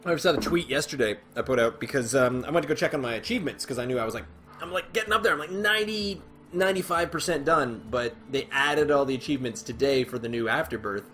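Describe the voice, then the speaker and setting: A man's voice: mid-range voice, fast talker, fairly bright tone, soft background music. Chatty man rambling over gameplay. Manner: rambling, chatty and self-deprecating; thinks aloud with frequent fillers and restarts. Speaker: gaming video host. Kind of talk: casual gameplay commentary.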